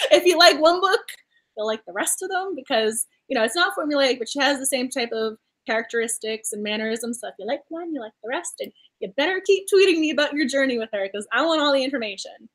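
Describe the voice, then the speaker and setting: A woman's voice: high voice, animated, brisk, fairly bright tone. A woman co-hosting a book club discussion, chatty and enthusiastic, laughing often as she talks about novels. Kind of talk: casual book chat.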